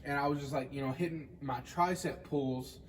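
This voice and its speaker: A man's voice: mid-range voice, steady tone, moderate pace, slight background noise. A young man rambling casually to the camera in a vlog, full of filler words and swearing. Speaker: vlogger.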